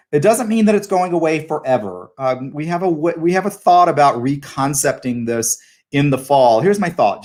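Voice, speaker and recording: A middle-aged man hosting a casual video call interview, chatty and relaxed with plenty of fillers. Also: mid-range voice. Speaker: host.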